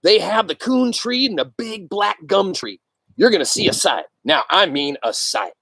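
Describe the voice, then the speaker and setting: A man reading aloud and voicing an excitable male coon hunter who stammers breathlessly. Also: sits high, moderate pace, creaky, no room sound, pitched above the performer's own voice, heavily acted. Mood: eager.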